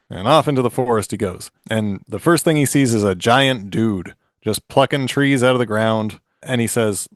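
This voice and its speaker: A man's voice: mid-range voice, moderate pace, no echo, clean studio sound. A man in his forties casually retelling a fairy tale on a podcast, joking and laughing often as he goes. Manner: jokey, laughs often, restarts a lot. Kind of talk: casual chat and comic story retelling.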